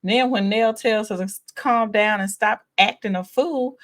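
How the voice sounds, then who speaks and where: A woman's voice: mid-range voice, a little slow, few pauses. A woman hosting a casual reality show recap, chatty and exasperated, sighing and laughing as she talks.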